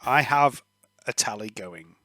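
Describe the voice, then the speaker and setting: A man, narrating a tabletop game as game master, relaxed and trailing off with ums. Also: medium pitch, a little slow, dry recording.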